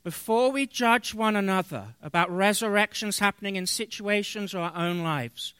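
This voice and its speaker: A man with a high, bright voice preaches a sermon, reading scripture aloud and explaining it in an earnest, unhurried way with pauses and small fillers. The sound is close and dry. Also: smooth, no echo. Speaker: pastor.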